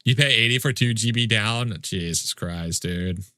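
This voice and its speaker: Bright-toned man ranting jokingly to chat. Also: fairly low pitch, a little slow, no echo, studio quality, soft background music. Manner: mock-indignant, joking complaints, swears freely. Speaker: livestreamer. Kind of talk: casual livestream chat with viewers.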